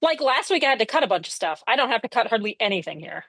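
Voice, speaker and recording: A woman's voice: fairly high pitch, sing-song, fast, a bit bright, breathy edge, no echo. A woman co-hosting a comedy podcast, wryly summarizing episodes in casual chat. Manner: wry, plot-summarizing. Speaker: podcast co-host.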